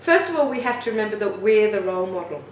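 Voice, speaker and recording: A woman's voice: medium pitch, quick pace, a little hiss or hum. Middle-aged woman, parenting tips, encouraging, roomy reverb, distant mic, faint ambience. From Australia. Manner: gentle, encouraging, expressive storytelling. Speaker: parenting author and teacher. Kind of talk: talking-head parenting tips.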